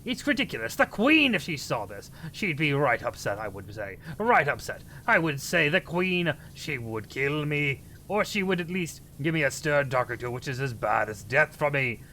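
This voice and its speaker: A man voicing a pompous mock-posh British gentleman in an exaggerated put-on British accent, with a theatrical, drawn-out delivery. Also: a little high, big pitch swings, slight background noise. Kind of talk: comic impression on a livestream.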